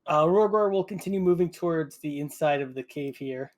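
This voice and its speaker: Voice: medium pitch, brisk. A tabletop player describing his character's actions in an easygoing way. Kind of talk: casual tabletop play.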